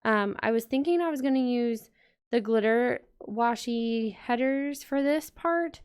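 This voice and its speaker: A woman's voice: on the high side, a little slow, darkish tone, clean tone. A woman vlogger chatting casually to her viewers while decorating a planner, rambling and talking straight to the audience. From United States.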